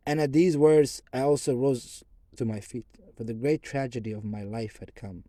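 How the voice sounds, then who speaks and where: Man, audiobook narrator, first-person reading, measured, occasional restarts, dark mellow tone, dry close sound. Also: medium pitch, steady tone, dry recording.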